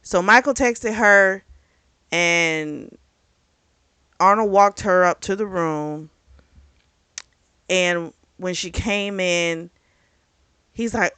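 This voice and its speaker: A woman's voice: fairly low pitch, slow pace, pauses often, clear, resonant tone, no echo. Chatty woman retelling a novel's plot. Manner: chatty, animated retelling with acted quotes and laughs. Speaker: book reviewer. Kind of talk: casual book review chat.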